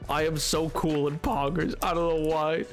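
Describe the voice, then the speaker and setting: A man's voice: a little high, fairly even intonation, normal speed, faint music behind. A young man streaming a game, chatting casually in a rambling, self-mocking way and laughing often. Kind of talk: casual gaming stream chat.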